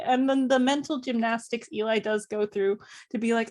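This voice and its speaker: Woman, podcast co-host, casual chat, frequent laughter, swearing, slightly high voice. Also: fairly even intonation, moderate pace, hardly any pauses, a little mellow. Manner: laughs often while talking, swears freely. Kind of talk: casual podcast chat, reading book quotes.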